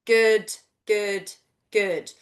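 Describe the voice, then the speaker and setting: A woman in her thirties, a vocal coach gently and encouragingly guiding a voice and breath workshop over a video call. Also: mid-range voice, steady tone, extremely slow. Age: 30s.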